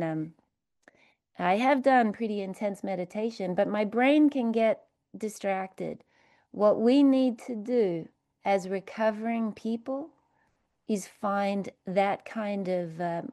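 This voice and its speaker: Woman, guided meditation, soothing and repetitive, mellow tone, dry close sound. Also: medium pitch, no echo. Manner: slow, soothing, repetitive phrasing. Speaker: recovery speaker leading a meditation. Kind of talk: guided meditation and recovery talk.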